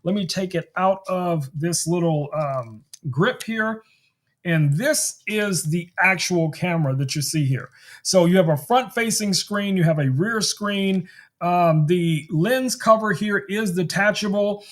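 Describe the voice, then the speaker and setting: A man's voice: high-pitched, measured pace. A man hosting a tech live stream, chatting casually to viewers about gadgets, full of fillers, recorded on a desk microphone in a home studio. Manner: chatty, many fillers, addresses viewers as guys. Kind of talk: casual product demo talk. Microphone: desk microphone on a stand.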